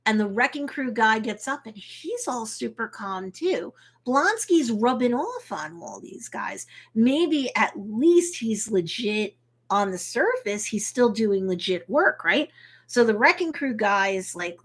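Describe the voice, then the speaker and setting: A woman's voice: fairly high pitch, lively intonation, slow, a bit bright. A woman, an attorney, casually recapping an episode on a live stream, talking loosely with many fillers. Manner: briefly acts out quotes. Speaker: attorney hosting a reaction show.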